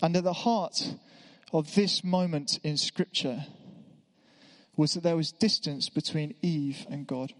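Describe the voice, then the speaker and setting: Preacher, fairly high voice, chatty sermon with wry asides, church reverb. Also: male voice, fairly bright tone. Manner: conversational, self-deprecating asides. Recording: echoey church hall.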